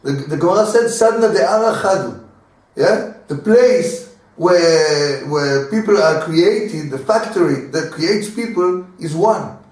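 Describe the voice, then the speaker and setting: Animated rabbi man in an echoey room. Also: on the high side, unhurried, far from the mic. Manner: animated, repeats words, acts out little dialogues with laughs. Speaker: rabbi teaching a class. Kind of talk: informal Torah lesson.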